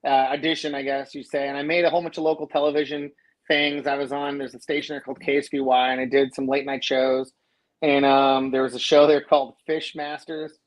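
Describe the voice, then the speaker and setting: A man, a radio DJ guest on a podcast, telling stories in a casual, animated way and acting out what people said. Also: mid-range voice, brisk, low-quality recording. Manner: animated, acts out quoted dialogue. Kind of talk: casual storytelling.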